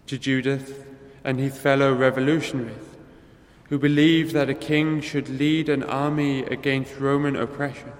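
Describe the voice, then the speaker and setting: A man leading prayer and preaching a homily in a slow, measured, solemn way. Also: mid-range voice. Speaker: priest. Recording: echoey church hall.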